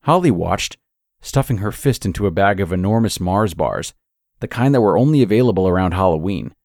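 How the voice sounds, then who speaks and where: A man narrating a scripted horror story in a measured, steady way. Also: sits low, no echo, clean studio sound.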